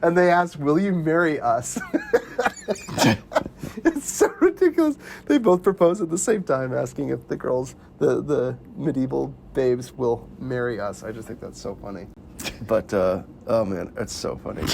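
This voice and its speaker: A young man co-hosting a casual movie chat podcast, animated and laughing often, full of fillers. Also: mid-range voice, measured pace, vocal fry, a little hiss or hum. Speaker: podcast co-host.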